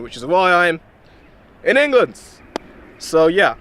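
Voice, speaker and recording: A young man answers viewer questions to camera in an easygoing, lightly humorous way. His voice sits a little high for a man. Faint traffic murmurs behind him outdoors. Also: a little slow, pauses often. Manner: relaxed storytelling with light humour. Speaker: athlete vlogger. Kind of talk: casual direct-to-camera Q&A.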